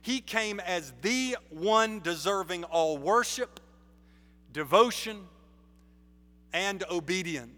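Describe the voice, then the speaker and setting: A man preaching a sermon in a measured, emphatic way, building stress on key phrases. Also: high-pitched, lively intonation, bright, forceful tone. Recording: long reverb of a large hall.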